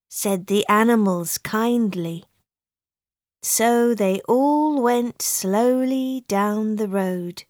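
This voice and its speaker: A woman narrating a simple storybook for learners, reading very slowly and clearly with an expressive voice, close to a studio mic. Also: mid-range voice, no echo.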